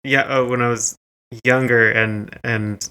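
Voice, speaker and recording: Rambling man co-hosting a podcast, bright tone. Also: mid-range voice, little pitch movement, a little slow, clear, resonant tone. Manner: rambling, lots of likes and ums. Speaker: podcast co-host. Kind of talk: casual music chat.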